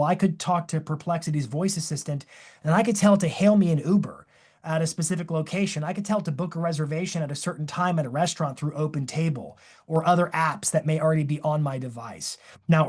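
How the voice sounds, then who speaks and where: Energetic man presenting a webinar. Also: a little high. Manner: energetic, enthusiastic, demonstrative. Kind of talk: live webinar demonstration.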